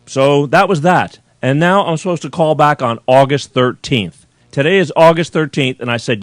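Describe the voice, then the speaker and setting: A man's voice: fairly high pitch, moderate pace, dry recording. Exasperated rambling male talk host. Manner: exasperated, rambling, profane complaining. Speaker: call-in show host. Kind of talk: live-streamed rant to viewers. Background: faint chill music.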